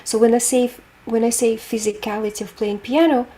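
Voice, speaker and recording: A woman's voice: fairly high pitch, fairly even intonation, a little fast, mellow, a little hiss or hum. A woman teaching a group piano lesson, explaining technique with images and asking students questions.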